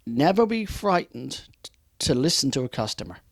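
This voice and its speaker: A man's voice: medium pitch, sing-song, moderate pace, gravelly, no room sound, clean studio sound. A man giving an unscripted customer service training talk, with emphatic, repeated warnings and acted-out customer dialogue. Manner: acts out customer dialogue in quotes.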